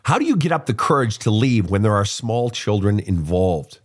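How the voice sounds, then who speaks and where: Middle-aged male advice host, casual and profane, very animated delivery. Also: lowish voice, normal speed. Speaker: host, soul counselor. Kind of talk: casual advice monologue answering questions.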